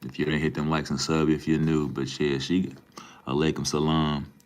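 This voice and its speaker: Young dude streaming, super low deep voice, laid-back slangy chat, keeps saying bro and man. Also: flat delivery, moderate pace, clean tone. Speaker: live streamer reading chat. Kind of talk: casual live-stream chat.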